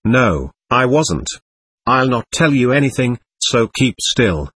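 Man voicing a stubborn angry male spirit, husky, spiky up-and-down delivery, read from a séance transcript. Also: mid-range voice, big pitch swings, slow pace, fairly bright tone, full character voice. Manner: defiant, threatening, scornful. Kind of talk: reading a séance transcript aloud.

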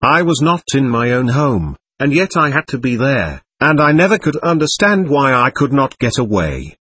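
A man reading aloud as an indignant, bewildered ghost who denies being dead, in a husky voice. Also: mid-range voice, very animated, moderate pace, fairly bright tone. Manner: defiant, suspicious and bewildered. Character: indignant confused ghost of a dead adult, hostile.

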